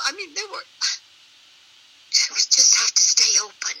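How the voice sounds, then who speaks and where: A woman's voice: fairly high pitch, big pitch swings, a little slow, pushed and bright, slightly rough, poor audio. A middle-aged woman, a religious sister, earnestly telling a personal story as a guest and often laughing as she speaks.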